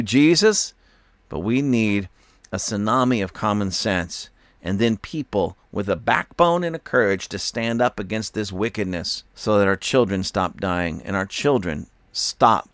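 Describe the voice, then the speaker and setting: A man's voice: on the low side, a bit bright, dry recording. An older man hosting a religious opinion commentary show, speaking in a fervent, preachy way with repeated emphatic phrases. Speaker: host.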